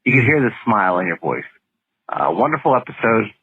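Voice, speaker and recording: A man's voice: on the low side, very animated, fairly quick, breathy edge, dry recording. A man leaving a rambling, playful voicemail for a podcast, full of "uh" fillers. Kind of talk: casual voicemail message. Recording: lo-fi voicemail audio.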